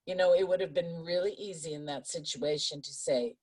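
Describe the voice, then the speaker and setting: A woman in her fifties tells a story on a video call in a low, chatty voice. She acts out what others said as she goes. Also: fairly quick, a little mellow. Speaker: book study group member.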